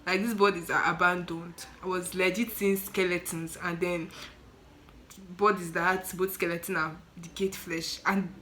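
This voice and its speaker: A nineteen-year-old woman with a Nigerian accent, telling a story in an animated, exclaiming vlog style. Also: on the low side, normal speed, slight background noise, rough recording. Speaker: student nurse vlogger.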